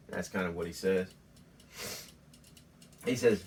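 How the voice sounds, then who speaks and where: A man hosting a mock home tutorial in a folksy, deadpan, rambling way. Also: low voice, a little slow, pauses often, distant mic. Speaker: host.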